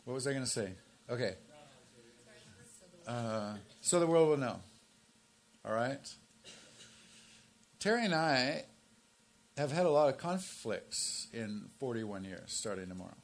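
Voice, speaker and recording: A man in his sixties preaching a sermon as pastor, swinging from emphatic, raised stresses down to low, quiet asides. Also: lively intonation, a little slow, long pauses. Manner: emphatic, rises to forceful stresses then drops low and quiet.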